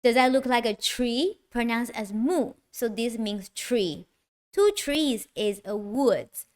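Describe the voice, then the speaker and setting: A woman teaching beginners, with a Mandarin Chinese accent and a slightly high voice with lively intonation, talks slowly and distinctly while stretching out the tones for her learners.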